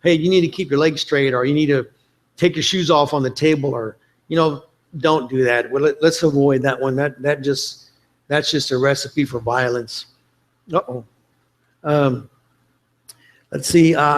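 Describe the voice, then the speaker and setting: Man, conference speaker, joking, chatty, somewhat high voice. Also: moderate pace. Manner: chatty, self-deprecating, quotes movie lines for laughs.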